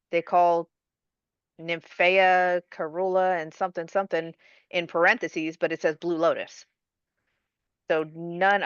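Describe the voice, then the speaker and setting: A woman's voice: on the low side, a bit bright, clear, resonant tone, dry recording. A woman on a podcast, discussing and explaining things skeptically. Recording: slightly dull lo-fi audio.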